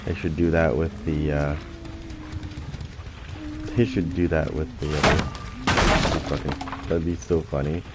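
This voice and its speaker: A man's voice: very deep voice, steady tone, a little slow, long pauses, very noisy. A man hosting a gaming channel, talking casually and profanely over his gameplay, often restarting his sentences.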